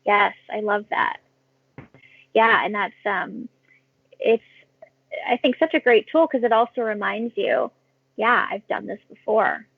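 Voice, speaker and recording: A woman guest talking casually and reflectively, thinking aloud with frequent pauses and ums. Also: medium pitch, slightly rough, dry recording. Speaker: guest, fitness trainer. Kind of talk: casual conversational webinar talk. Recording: tinny phone-like line, dry.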